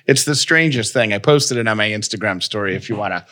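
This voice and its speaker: A man co-hosting a podcast in casual chat, steady and dry with his jokes. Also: lowish voice, fast talker. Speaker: podcast co-host.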